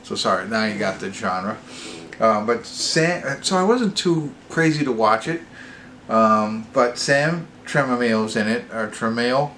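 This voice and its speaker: Taking his time, this movie reviewer and channel host talks in a lowish voice over a faint hiss or hum. His casual vlog commentary wanders, doubles back with self-corrections, and grows excited along the way.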